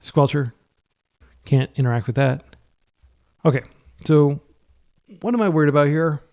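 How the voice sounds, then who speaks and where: Excitable man commentating a card game. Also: a little high, unhurried. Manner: excitable, pleads with his deck, spiking up when frustrated. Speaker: card game player and channel host. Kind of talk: casual gameplay commentary.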